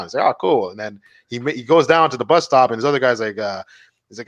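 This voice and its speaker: A man telling comedy stories on a casual chat show, his pitch leaping around. He swears freely, stumbles and restarts mid-sentence. The sound is dry and close. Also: fast, dry recording. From Montreal, Canada. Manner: animated storyteller, swearing, many restarts. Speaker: podcast co-host.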